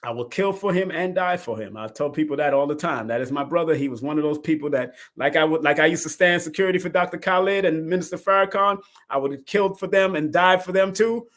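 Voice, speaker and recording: Speaking fast with few pauses and a slightly high voice, a middle-aged man hosts a live numerology talk show. He's casual and lively, laughs often, and veers from loud bursts into quiet asides.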